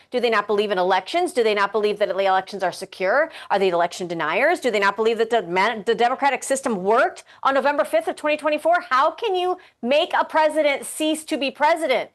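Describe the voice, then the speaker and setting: Woman host, casual political talk, sarcastic rhetorical questions, fairly high voice.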